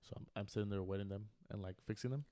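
A man's voice: on the low side, racing, warm tone, no echo, clean studio sound. A man in his twenties co-hosting a podcast, telling a long story in a laid-back way, full of slang and fillers. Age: 20s. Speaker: podcast co-host. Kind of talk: casual chat.

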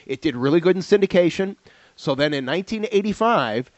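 A male podcast co-host tells stories in a casual chat about old TV shows, animated, laughing often and repeating words. His voice sits high and fairly quick, and the sound is lo-fi with no echo.

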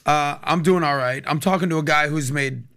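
A man's voice: a little high, brisk, a bit bright. A man from the United States hosting a podcast, chatting casually and eagerly, cracking jokes and asking his guest questions. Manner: enthusiastic, jokey, asks questions. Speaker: podcast host. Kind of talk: casual interview chat.

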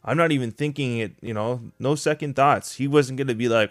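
A man from Canada, a podcast guest, explains events calmly and often checks in with the listener. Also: medium pitch, no room sound, clean studio sound. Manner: measured, explanatory, frequent "right?" tags. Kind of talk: podcast discussion.

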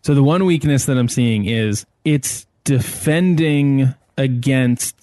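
A man's voice: mid-range voice, slow pace, warm tone, dry recording. Thoughtful man, dry studio sound. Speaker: podcast co-host. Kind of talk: casual theological discussion.

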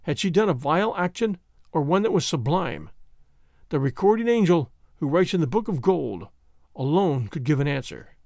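A man reads a classic novel aloud with expressive storytelling. His voice is fairly high and very lively, moving freely up and down. The recording is close and dry. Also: normal speed, creaky, dry recording. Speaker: narrator. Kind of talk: audiobook reading of a classic novel.

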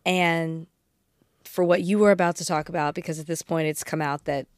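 A woman co-hosting a podcast, speaking in a measured, matter-of-fact way. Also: low-pitched, steady tone, no room sound, studio quality. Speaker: podcast co-host. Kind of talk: casual podcast chat.

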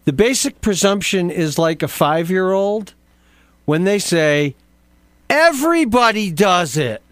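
Man, slow and deliberate, indignant commentary, slightly high voice, dry close sound. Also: sing-song, fairly bright tone, no echo. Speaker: show co-host. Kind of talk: political commentary.

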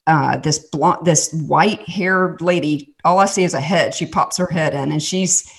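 A woman's voice: sits low, normal speed. A woman from the American South with a Southern accent, sharing a personal faith story in earnest, chatty conversation and acting out the quotes. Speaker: podcast host and guest storyteller.

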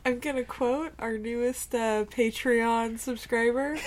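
A woman's voice: a little high, steady tone, measured pace, heavy background noise. A woman co-hosting a podcast in casual chat, bubbly and teasing and cheering her partner on. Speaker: podcast co-host.

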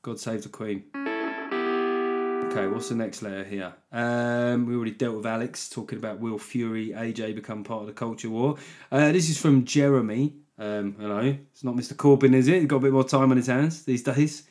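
A man hosts his own podcast in a loose, rambling monologue. His voice sits at an ordinary middle pitch, and he drifts from one joke to the next with a sarcastic edge. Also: steady tone, a little fast, a little mellow, faint music behind. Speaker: podcast host. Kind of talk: casual solo podcast monologue.

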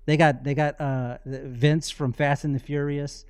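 Excitable swearing podcast co-host man. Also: a little high, measured pace, clear, resonant tone, no echo, studio quality. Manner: excitable storyteller, swears freely. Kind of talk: casual chat.

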